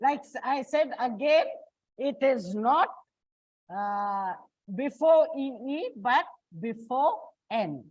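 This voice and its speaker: A classroom lecture on English stress rules, delivered by a woman whose voice sits high and sounds expressive. Her explanation is slow, deliberate and step by step, and she calls the students children. The recording is dull, lo-fi and dry.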